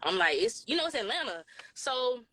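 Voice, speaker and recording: A bright, slightly high woman's voice with a drawl, in her twenties. She tells a long story in an animated, casual way and slips into the voices of the people in it. Her tone is clear and lively, with a touch of edge. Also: normal speed. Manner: animated, acts out quoted voices, Southern US slang. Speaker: podcast co-host telling a story. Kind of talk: casual storytelling on a live show.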